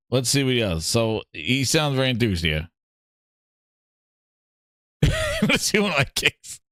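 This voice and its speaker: Excitable, animated male gaming host. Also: mid-range voice, clean tone, no echo, studio quality. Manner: excitable, mocking, laughs and swears. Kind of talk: reacting to clips, rant.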